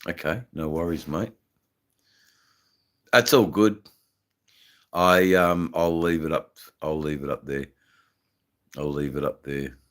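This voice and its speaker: Slow, low-voiced Australian man chatting. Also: a bit bright. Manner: rambling, halting, full of fillers and slang; smoking while talking. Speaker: livestream host. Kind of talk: casual live-stream chat.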